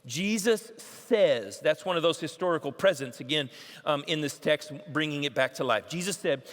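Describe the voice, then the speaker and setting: A man's voice: fairly high pitch, moderate pace, a bit bright. Man preaching in a reverberant church. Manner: emphatic preaching, repeats key phrases. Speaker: pastor. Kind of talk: sermon. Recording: long church hall reverb.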